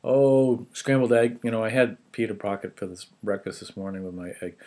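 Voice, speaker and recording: A man's voice: fairly low pitch, a little fast, darkish tone. Man, home cook vlogger, casual and rambling, recorded on a camera mic at his table. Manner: chatty, rambling, restarts, talks while chewing. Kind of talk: casual food show-and-tell.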